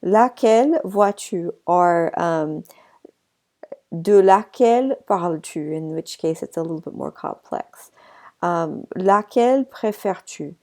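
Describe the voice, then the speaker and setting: A woman teaching a language lesson, her voice low and gravelly with vocal fry. She explains at an easy pace, with fillers and chatty asides, and has a slight cough. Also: slow pace, dark tone. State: a bit of a cough. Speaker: French teacher.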